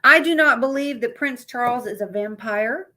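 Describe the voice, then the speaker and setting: A woman's voice: fairly high pitch, normal speed, sharp tone. A woman hosting a casual live stream, greeting viewers by name and reading out topics aloud with stumbles and blunt asides.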